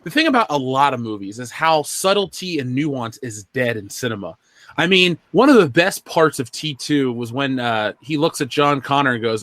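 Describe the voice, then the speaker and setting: A man's voice: medium pitch, lively intonation, normal speed, fairly bright tone. A man co-hosting a podcast in casual chat, sarcastic and mocking in tone. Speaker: podcast co-host.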